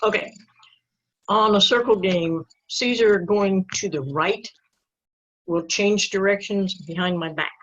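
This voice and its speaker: A woman's voice: mid-range voice, slow, a bit bright. A woman student asking a direct question in a virtual lesson over a video call. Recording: dull lo-fi video call audio.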